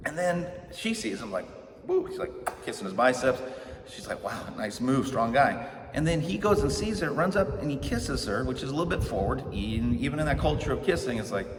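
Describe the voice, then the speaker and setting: A middle-aged man preaching a casual, joking sermon, telling the story conversationally and acting out the characters' lines. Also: medium pitch. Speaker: pastor. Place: church sanctuary. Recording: echoey hall, distant mic, background noise.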